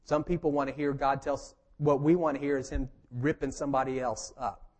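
A man's voice: mid-range voice, steady tone, brisk, darkish tone. A man preaching a conversational sermon, joking and emphatic as he teaches. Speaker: pastor.

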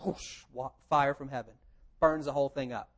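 A man preaching a sermon, telling the story in a lively conversational way and asking rhetorical questions. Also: mid-range voice, moderate pace. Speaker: pastor. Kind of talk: expository sermon.

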